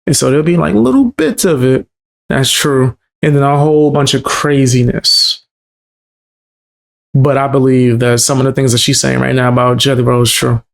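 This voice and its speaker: Gravelly, blunt male commentator. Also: medium pitch, normal speed. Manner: incredulous, blunt. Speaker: commentary host. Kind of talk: casual reaction commentary.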